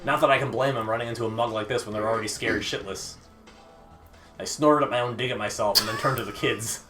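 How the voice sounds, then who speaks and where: A young man hosting a let's play, reading game text aloud with dramatic narration and quick laughing asides. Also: medium pitch, bright, forceful tone, faint music behind.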